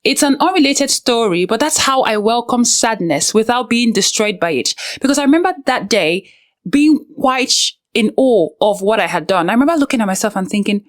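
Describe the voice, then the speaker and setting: High-voiced woman giving earnest advice. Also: lively intonation, moderate pace. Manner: earnest, direct, coaching tone with asides. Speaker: self-help video host. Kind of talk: direct-to-camera advice talk.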